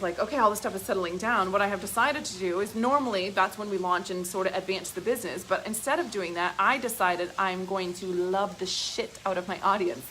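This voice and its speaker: A woman business coach on a live stream, giving an excited, profane pep talk to her audience, heavy on emphasis and filler words. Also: medium pitch, slight background noise, rough recording. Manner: excited and gushing.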